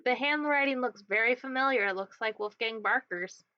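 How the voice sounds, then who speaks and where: A woman running a tabletop game as game master, answering players with brisk, short replies. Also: a little high, dry recording. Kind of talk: casual tabletop game chat. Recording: dull, dry lo-fi mic.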